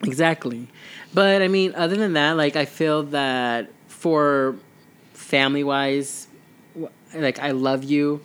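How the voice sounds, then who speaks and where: A man's voice: fairly high pitch, slow, a bit bright, smooth. A young adult man co-hosting a casual chat, talking earnestly and rambling with many fillers. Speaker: podcast co-host.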